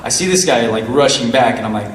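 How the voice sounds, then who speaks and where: A man telling a story on a stream in a lively way, laughing and acting out what people said. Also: mid-range voice, fast talker. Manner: animated, laughing, acting out quotes. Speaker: guest. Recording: roomy, distant mic, faint noise.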